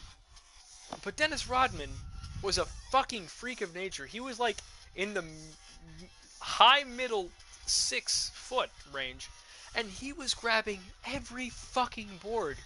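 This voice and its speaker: Tipsy and cursing heavily, a young man streams a game and rambles through a rant into his headset mic in a high voice at a moderate pace. His tone is excitable and profane, and the recording quality is low.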